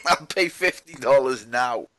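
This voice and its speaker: A man's voice: mid-range voice, sing-song, slow pace, fairly bright tone, dry recording. A man joking in casual podcast chat, swearing and laughing.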